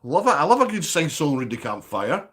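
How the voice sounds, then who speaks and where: Male streamer, slightly raspy, animated delivery, casual banter with chat. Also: on the high side, brisk. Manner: chatty, banters with viewers by name. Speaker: live streamer host. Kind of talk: casual livestream chat reading viewer comments.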